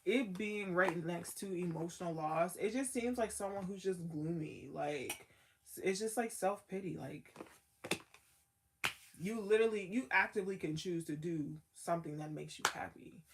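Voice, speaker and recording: A woman's voice: on the low side, normal speed, a little hiss or hum. A woman giving a casual tarot card reading as the reader, talking in a loose, slangy way full of "like" and trailing thoughts.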